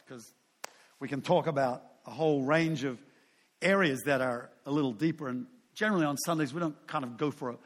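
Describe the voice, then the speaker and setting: A man in his sixties, a pastor preaching a sermon in a loose, conversational way, full of asides and self-deprecating humor. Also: mid-range voice.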